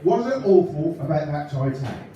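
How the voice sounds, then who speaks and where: A man's voice: on the high side, sing-song, brisk, mellow, muffled recording, slight background noise, voice pushed down. A man doing an impression of a nervous, giggly male stand-up comedian who rambles through his jokes at a live show. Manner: nervous laughing, rambling gag delivery. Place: live concert venue. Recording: echoey hall mic from far off.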